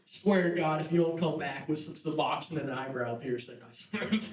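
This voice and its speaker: A man's voice: fairly high pitch, moderate pace, distant mic. A young man doing a stand-up comedy set on a theater stage, brash and self-mocking, swearing often. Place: theater stage before a live audience. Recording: echoey hall, mic heard from afar.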